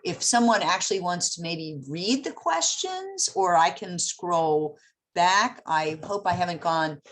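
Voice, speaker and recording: A woman with a somewhat low voice gives a presentation over a video call. She speaks in a halting way, full of ums and uhs, as she works through her points. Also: lively intonation. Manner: halting, many fillers. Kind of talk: virtual presentation talk.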